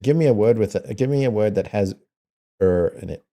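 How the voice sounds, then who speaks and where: A man's voice: fairly low pitch, expressive, fairly quick, dark tone. A man with a New Zealand accent chatting casually with viewers, playfully sounding out foreign words and laughing often. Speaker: streamer.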